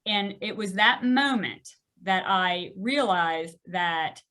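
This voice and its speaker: A middle-aged podiatrist appearing as a podcast guest tells a candid story in a mid-range voice at a slow pace. She is animated and self-deprecating, laughing often.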